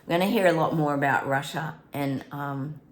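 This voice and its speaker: In a roomy-sounding recording, a woman with a low voice and moderate pace hosts a psychic prediction channel. She chats casually with viewers, breaks into snatches of song, and laughs often.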